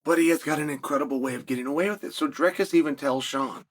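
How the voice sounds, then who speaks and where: Male host, solo commentary, forceful and repetitive for emphasis, bright tone. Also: a little high, quick pace, few pauses. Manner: emphatic, builds points through repetition.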